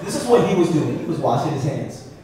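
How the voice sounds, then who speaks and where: Self-mocking stand-up comedian in an echoey room. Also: male voice, a little high, quick pace. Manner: animated, self-mocking storytelling. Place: comedy venue. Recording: echoey room heard from a distance.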